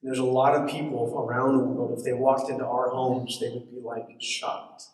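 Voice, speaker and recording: Chatty preacher in an echoey hall. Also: male voice, mid-range voice, flat delivery, normal speed, a little mellow, far from the mic. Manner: conversational, chatty asides. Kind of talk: sermon. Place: church hall.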